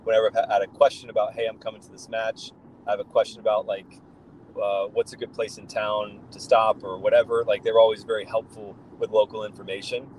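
Low-voiced man, chatty and enthusiastic. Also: level tone, fast, darkish tone, slight background noise, low-quality recording. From United States. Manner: rambling, enthusiastic storytelling with many fillers. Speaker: guest, football fan. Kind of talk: casual podcast chat.

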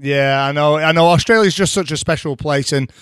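A man's voice: on the high side, fairly quick, fairly bright tone, smooth, no room sound. A man from Salford, co-hosting a sports podcast in eager, chatty talk. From Salford, England. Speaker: podcast co-host. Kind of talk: casual sports chat.

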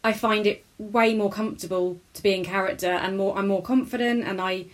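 A woman talks in a loose, rambling way as an interview guest. She sounds chatty and a little self-deprecating. Her voice sits at a middling pitch for a woman. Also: fairly even intonation, brisk, slight background noise. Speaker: character comedian guest. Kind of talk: casual interview chat.

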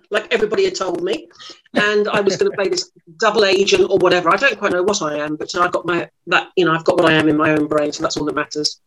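A woman's voice: on the low side, steady tone, quick pace, fairly bright tone, low-quality recording. Middle-aged lady, chatty and self-mocking, telling showbiz stories. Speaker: actress guest. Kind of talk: anecdotal interview storytelling.

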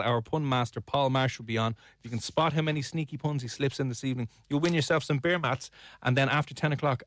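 A man's voice: medium pitch, fairly bright tone, no echo, studio quality. A man hosting an evening radio show, in playful, teasing banter with his co-host. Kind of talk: casual radio chat. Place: radio studio. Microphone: studio microphone.

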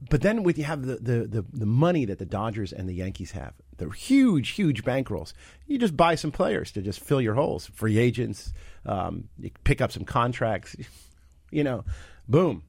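A man co-hosting a podcast, talking sports casually and excitedly, with frequent restarts and jumps in pitch for emphasis. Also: moderate pace, vocal fry, breathy edge, dry recording, studio quality. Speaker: podcast co-host.

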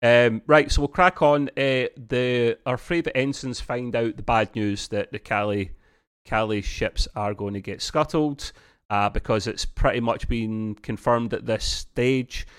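A man's voice: medium pitch, a little slow, clean tone. A man co-hosting a casual podcast review of a TV episode, rambling along with many restarts and fillers and laughing often.

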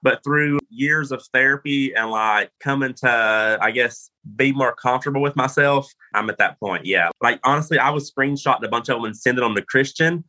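A man's voice: medium pitch, normal speed, hardly any pauses, sharp tone. A man with a Kentucky accent, a reality show contestant chatting brashly as a guest on an interview podcast, full of "like" fillers. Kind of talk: casual interview chat.

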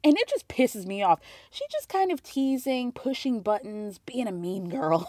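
A woman hosts a podcast recapping a reality show, sarcastic and casual, laughing often and acting out quotes in mocking voices. Her voice is on the high side and very animated, yet unhurried, with a darkish tone and no echo.

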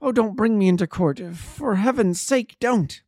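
A man voicing a frightened young male thief who pleads in a high, shrill, cringing voice. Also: normal speed, no echo, studio quality, natural voice. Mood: desperate pleading.

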